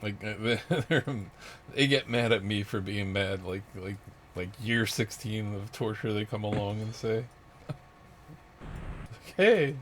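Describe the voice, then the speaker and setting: A man's voice: lowish voice, fairly even intonation, a little slow, a bit bright. A man ranting in a rambling monologue, out of breath, restarting often and laughing bitterly between thoughts. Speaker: vlogger. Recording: noisy background with vehicle sounds.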